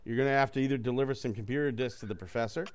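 A man's voice: mid-range voice, very fast. Joking man reading a gamebook aloud. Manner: joking, profane, loose. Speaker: reader running a gamebook for friends. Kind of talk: reading a choose-your-own-adventure aloud with casual asides.

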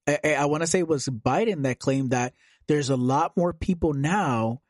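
A man's voice: a little high, moderate pace, dry recording, studio quality. Casual rambling podcast host, man. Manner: loose, rambling, swears casually. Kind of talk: casual political chat.

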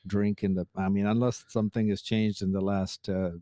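Chatty guy on a podcast, lowish mellow voice, dry close sound. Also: level tone, a little fast, no room sound. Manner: chatty storyteller, laughs often. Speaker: podcast co-host. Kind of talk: casual chat.

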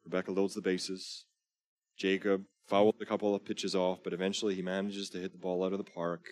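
A man's voice: low-pitched, monotone, fairly quick, a little mellow, no echo. A man preaching a sermon as pastor, urging his listeners earnestly and reading scripture aloud with rising emphasis. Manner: earnest exhortation.

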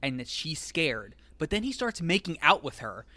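A man's voice: on the high side, big pitch swings, normal speed, pushed and bright, dry recording. A man in casual chat, recapping a film in a rambling way, laughing often and acting out quoted lines.

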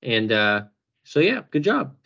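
A man's voice: medium pitch, huge pitch swings, a little slow, gravelly, a bit bright, dull audio. A man hosting a podcast in casual chat, joking and laughing often as he talks. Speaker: podcast host.

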